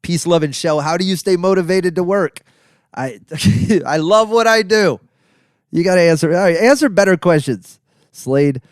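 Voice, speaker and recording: A man's voice: sits high, normal speed, no room sound, studio quality. A male comedian hosting his own podcast in a casual, rambling, joking solo monologue. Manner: rambling, joking, self-deprecating.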